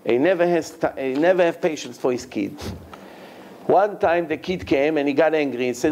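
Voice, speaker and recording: Man, rabbi, Torah lecture, lively delivery, fairly high voice. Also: normal speed. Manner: animated, acts out quoted dialogue in a raised voice; non-native English with grammar slips.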